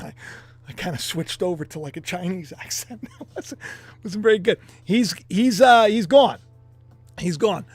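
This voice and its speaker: A man's voice: high-pitched, lively intonation, moderate pace, long pauses, husky, dry recording. A man hosting his own online commentary show, rambling in a casual, jokey way and often repeating himself. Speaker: YouTube commentary host.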